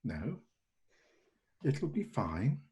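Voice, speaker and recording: Man voicing a sinister hungry creature-man, halting, repetitive muttering, tabletop horror game. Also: a little high, animated, highs cut off. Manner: halting, muttering, repeats himself.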